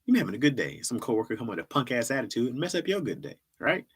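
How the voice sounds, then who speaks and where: A man's voice: mid-range voice, sing-song, very fast, breathy edge. A middle-aged man hosting a livestream, chatting casually in a rambling, repetitive way and laughing often. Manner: rambling, repeats himself, laughs often, reacts to chat. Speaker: livestream host. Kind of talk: casual stand-up style chat.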